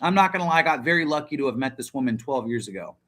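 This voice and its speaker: Bright-voiced, profane man in his thirties. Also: medium pitch, lively intonation, very fast. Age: 30s. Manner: profane, rambling and blunt. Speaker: livestream host. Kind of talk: casual livestream chat.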